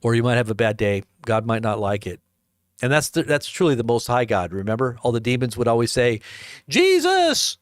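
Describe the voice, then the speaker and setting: A man preaching and commenting on the news, emphatic, full of rhetorical questions and quick restarts. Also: mid-range voice, dry recording, studio quality.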